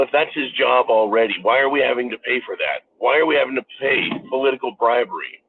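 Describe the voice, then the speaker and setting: A man's voice: medium pitch, husky. An American man giving a political commentary monologue, emphatic and profane, ranting as the host. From United States. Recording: phone-like narrow band.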